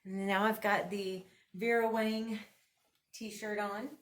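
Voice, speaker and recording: A woman's voice: mid-range voice, flat delivery, slow. A woman vlogger chatting casually and enthusiastically through a thrift haul and try-on, laughing often.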